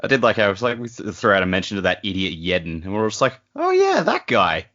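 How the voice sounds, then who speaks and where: A man's voice: low voice, fast talker, bright, forceful tone. A man co-hosting a book podcast, tossing in wry, sarcastic asides about the characters. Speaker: podcast co-host. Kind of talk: casual book-club chat. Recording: dull, dry home podcast mic.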